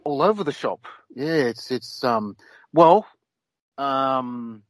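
A man co-hosts a casual talk show, rambling and trailing off with lots of ums. His voice is mid-pitched and sounds dry and close, with no room around it. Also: animated, slow, dry recording, rough recording. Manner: hesitant, rambling, many fillers. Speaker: podcast co-host.

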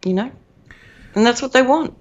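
A woman's voice: fairly high pitch, lively intonation, normal speed. A woman co-hosting a podcast in casual chat, rambling and emphatic, laughing at her own points. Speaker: podcast co-host. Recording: dull lo-fi audio.

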